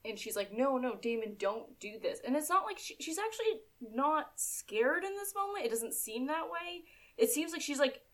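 A woman's voice: high-pitched, very animated, moderate pace, hardly any pauses, a bit bright. A young woman co-hosting a podcast, talking through a TV episode in a casual, thoughtful way with many fillers. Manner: thoughtful, filler-heavy, chatty asides. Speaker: podcast co-host. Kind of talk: casual TV recap chat.

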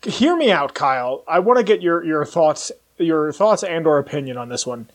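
A young man co-hosting a casual chat, telling a long story with excited, rambling energy and acting out the voices in it. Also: fairly high pitch, moderate pace. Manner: excitable, rambling, acts out voices in his stories. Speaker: podcast co-host.

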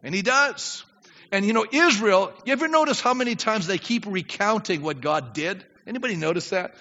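Animated high-voiced male preacher in a reverberant hall. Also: a little fast. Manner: animated preaching, acts out prayers, drops low then shouts. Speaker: pastor. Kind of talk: sermon. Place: church sanctuary. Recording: dull reverberant church recording.

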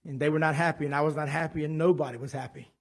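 A man in his thirties preaching a sermon in a conversational, animated way, telling stories from home. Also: fairly high pitch, racing. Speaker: pastor.

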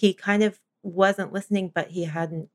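A woman co-hosting a casual chat, telling animated stories about her kids and laughing often. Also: on the low side, normal speed.

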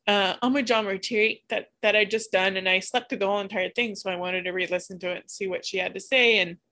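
A woman speaking a personal spiritual reflection, halting and searching with frequent restarts, openly candid about her feelings. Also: medium pitch, fairly even intonation, bright, forceful tone. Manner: candid, emotionally open. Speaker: spiritual vlogger.

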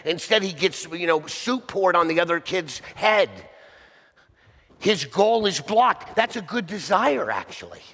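A man's voice: high voice, animated, measured pace, fairly bright tone, big-room sound. A male pastor preaching a sermon conversationally, often asking the listeners rhetorical questions.

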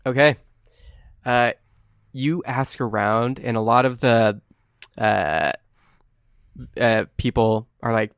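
Man, game master, casual rambling narration, gravelly, dry sound. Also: lowish voice, unhurried, pauses often, a bit bright, no room sound. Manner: casual, rambling, many fillers.

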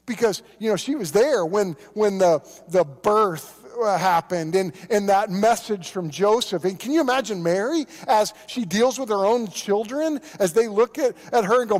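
Pastor from Oklahoma, high tenor, earnest sermon with stumbling restarts, long reverb in a church hall. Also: male voice, normal speed, few pauses. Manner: earnest, repeats words on restarts, acts out quoted voices.

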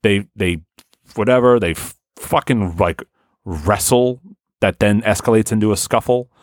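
A man's voice: fairly low pitch, measured pace, no room sound, studio quality. A man hosting a podcast in casual chat, rambling and swearing freely. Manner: rambling, frequent swearing and fillers. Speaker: podcast host.

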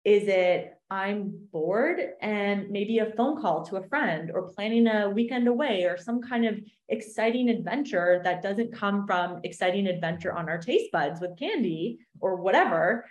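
Woman, coach, animated explainer, mid pitch, roomy echo. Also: a little slow, hardly any pauses. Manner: animated, acts out little voices in examples. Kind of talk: explaining an exercise in a podcast chat.

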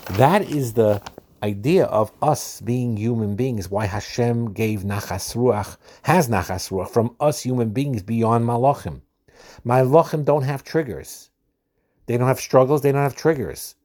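A man hosting an informal religious self-help talk, speaking in an unhurried, halting way with frequent restarts. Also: medium pitch, darkish tone. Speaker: host.

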